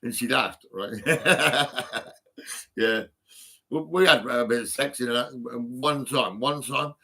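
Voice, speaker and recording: A man's voice: mid-range voice, slow, gravelly, bright, forceful tone, slightly rough. A man, rambling through a personal phone vlog full of ums and restarts. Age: 50s. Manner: rambling, full of ums and restarts, laughing at his own stories. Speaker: vlogger.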